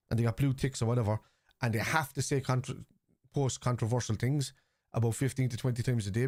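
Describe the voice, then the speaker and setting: A man with a Liverpool accent hosting a football watchalong stream, rambling and reading chat messages aloud, quick to scoff at critics. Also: medium pitch, darkish tone, no echo, clean studio sound. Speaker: live-stream watchalong host. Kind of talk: casual live-stream chat.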